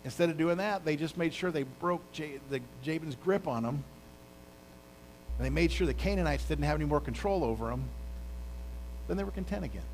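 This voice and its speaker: A male pastor preaching a casual, animated sermon, retelling a story with exclamations and asides. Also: fairly high pitch, a little fast, pauses often, a little hiss or hum, low-quality recording.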